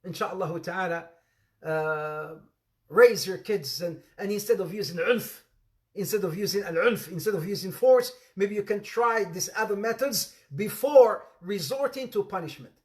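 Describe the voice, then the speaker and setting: Man with a high voice, teacher, repeats phrases, calls on students by name, playful asides. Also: moderate pace. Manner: laughs often, playful asides. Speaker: Islamic teacher. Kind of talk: interactive religious lesson.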